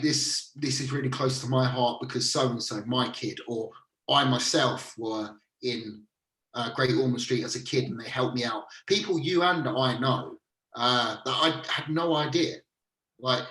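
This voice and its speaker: A man co-hosts a casual podcast chat in a mid-range, fairly bright voice, sounding laid-back and chatty and swearing now and then. He speaks off-mic, far away, with a roomy echo.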